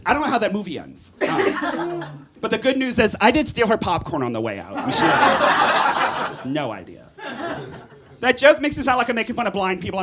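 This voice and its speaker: A man doing a stand-up comedy set on a club stage, animated and shouting his punchlines, recorded live through a stage mic with audience noise. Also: sits high.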